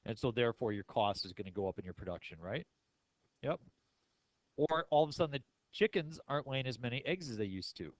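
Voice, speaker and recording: A man's voice: mid-range voice, lively intonation, a little fast, no room sound, poor audio. A male math teacher giving a classroom lecture in a casual, joking way and asking the class questions.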